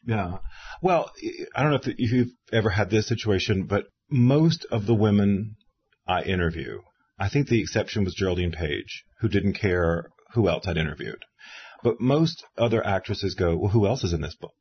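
Animated storytelling man in his fifties. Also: lowish voice, normal speed, slightly rough, lo-fi sound. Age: 50s. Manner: animated storyteller who mimics people he quotes. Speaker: interviewer and author. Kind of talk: casual conversation.

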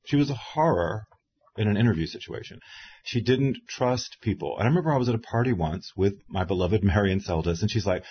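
Man, 50s, chatty interviewer, low and husky, lively mimicry, muffled recording. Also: fairly quick. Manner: animated storyteller who mimics people he quotes. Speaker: interviewer and author. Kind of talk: casual conversation.

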